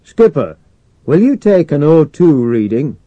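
A man voicing a cautious veteran male astronaut officer with a dry, wry, matter-of-fact manner, a little higher and louder than his narration. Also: sing-song, a little slow, dry recording, lo-fi sound.

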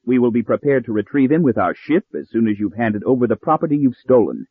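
Voicing a smug, scheming older professor who is pompous and coolly menacing, a man makes his polite threats at a quick pace. His medium-pitched voice has lively intonation and a breathy edge, captured dry with no room sound and a narrow, phone-like tone.

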